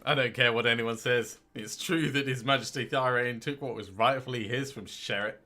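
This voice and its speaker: A man's voice: medium pitch, normal speed, sharp tone, natural voice. Guy doing a stern proud historian, firm declaiming voice.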